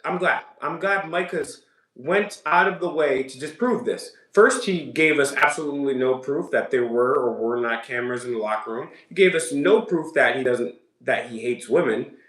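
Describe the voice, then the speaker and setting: A man's voice: mid-range voice, normal speed, a bit bright, reverberant. A man hosting reaction commentary, mocking and sarcastic as he picks apart a story. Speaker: commentary host.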